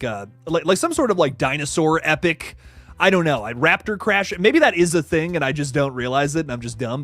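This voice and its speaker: Animated man chatting on a livestream. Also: on the high side, dry recording. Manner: animated, swearing, laughs often, reads chat aloud. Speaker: horror news host. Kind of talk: casual livestream chat.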